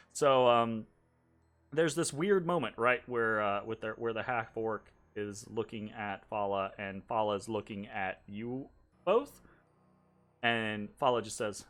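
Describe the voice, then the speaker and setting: A man game master narrating a tabletop game in a chatty way, laughing and restarting often. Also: mid-range voice.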